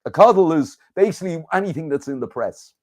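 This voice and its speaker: Middle-aged comic, lively guest chat, voice a touch high. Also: male voice, fast, dry recording, clean studio sound. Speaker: comedian guest. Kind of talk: casual interview chat.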